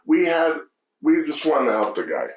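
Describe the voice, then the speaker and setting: A man's voice: a little high, sing-song, normal speed, recorded from a distance. A man co-hosting a podcast, blunt and profane, trading bar stories in casual chat. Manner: blunt, profane, laughs often. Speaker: podcast co-host, bartender. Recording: roomy sound from off-mic.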